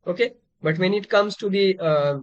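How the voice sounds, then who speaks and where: A man gives an exam-prep literature lecture, his voice fairly high. He explains each term patiently, circling back with fillers and restarts. The recording is dry and close, with no room sound. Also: moderate pace, no room sound, lo-fi sound. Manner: explanatory, repeats key terms, many fillers and restarts. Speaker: literature teacher.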